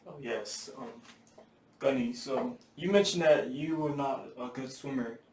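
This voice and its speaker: A man asks casual interview questions, pausing and filling in with ums as he goes. His voice comes from away from the mic in an echoey room, with faint noise. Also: mid-range voice, darkish tone, far from the mic. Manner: hesitant, with fillers.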